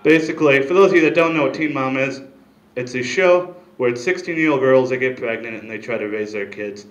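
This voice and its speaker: A man doing a stand-up comedy set, rambling with deadpan asides into a handheld mic on a small club stage. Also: medium pitch, a little fast, reverberant, rough recording.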